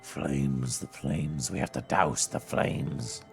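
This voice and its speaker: A man's voice: sing-song, moderate pace, gravelly, soft background music. A man voicing a troubled woman mayor of a village who mutters feverishly, reading her lines in a game. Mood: muttering. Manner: low muttering, then frantic warnings.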